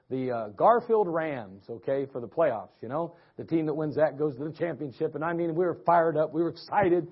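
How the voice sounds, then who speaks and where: A man's voice: mid-range voice, slightly rough. A male pastor from preaching a sermon, telling a personal story in a folksy way with frequent restarts. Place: church sanctuary. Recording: dull lo-fi church recording.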